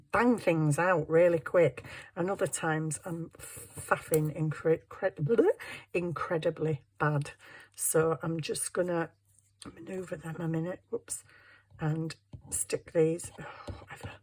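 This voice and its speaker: A woman's voice: lowish voice, a little mellow, breathy edge. A woman talking through her papercraft in a rambling, self-mocking way as she works at her desk at home. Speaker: papercraft vlogger. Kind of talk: chatty crafting commentary.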